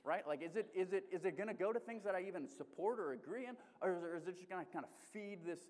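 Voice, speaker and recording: A male pastor with an Alaskan accent preaching a sermon in a conversational, animated way, restarting often. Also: high-pitched, quick pace. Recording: long hall reverb.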